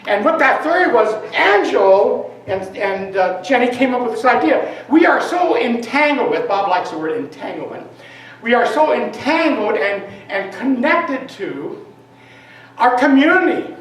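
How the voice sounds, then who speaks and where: A woman's voice: on the high side, big pitch swings, unhurried. A woman giving an informal sermon to a congregation, talking conversationally and putting questions to the audience. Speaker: lay minister giving a talk. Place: church meeting room. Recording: very echoey hall, distant mic.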